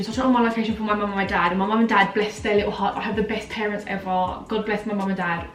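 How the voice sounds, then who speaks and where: A woman's voice: medium pitch, fast talker. A young woman tells a story as a vlogger, dramatic and full of "like" fillers. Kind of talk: storytime chat. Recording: echoey room, mic at a distance, faint music.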